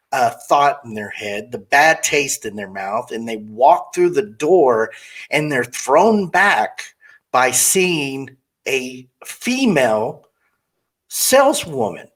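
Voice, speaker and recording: A man's voice: medium pitch, fairly bright tone. A man hosting an interview, talking bluntly and rambling, often acting out quoted customers in different voices. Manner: blunt, candid opinions. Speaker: podcast host interviewing a car saleswoman. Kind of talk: casual interview chat.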